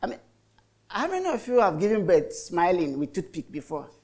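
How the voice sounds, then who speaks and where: A man's voice: sits high, very animated, fairly quick, darkish tone. A middle-aged Nigerian man preaching a sermon as a pastor, telling stories in a chatty way with lots of repetition. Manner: chatty storytelling with repetitions and mock voices.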